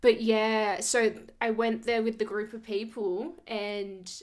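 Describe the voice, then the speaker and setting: A woman's voice: on the high side, slow pace. A young woman, telling stories in a casual chat and laughing often. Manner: animated storyteller, laughs often.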